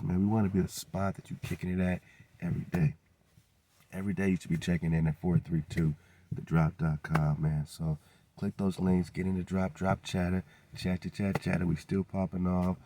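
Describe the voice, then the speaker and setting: A man's voice: low voice, warm tone, slight background noise. A man hosting his own radio show, talking in a preachy, hyped way, throwing "man" into nearly every line. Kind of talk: casual monologue with promo plugs.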